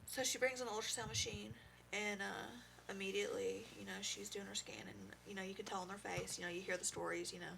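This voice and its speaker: A young woman guest on a podcast shares a painful personal story in a halting, heartfelt way, leaning on fillers as she goes. Her voice sits in an ordinary middle pitch with a noticeable gravelly fry. A faint hiss lies under the studio recording. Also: fairly even intonation, a bit bright. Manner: halting, heartfelt, full of "you know" fillers. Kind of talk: emotional personal testimony.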